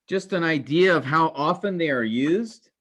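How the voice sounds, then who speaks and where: Man, teacher, classroom lecture, halting with restarts, trails off softly. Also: on the high side, animated. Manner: halting, many fillers and restarts.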